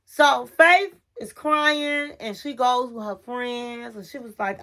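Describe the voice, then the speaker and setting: Gossipy woman, high voice, slow casual recap. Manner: gossipy, animated, says honey a lot. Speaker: reality TV recapper.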